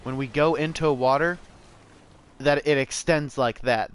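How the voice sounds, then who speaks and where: A man's voice: mid-range voice, unhurried, clean tone. A young man giving loose, profane commentary while he plays a game, rambling casually and calling his viewers "bro" and "man.". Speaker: gameplay streamer.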